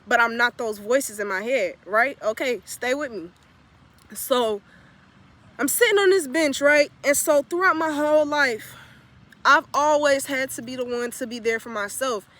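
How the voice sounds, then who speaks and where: Her high voice has a bright, forceful edge as the young spiritual vlogger recounts something confessional. The delivery is emphatic and full of profanity, with repeated phrases adding weight.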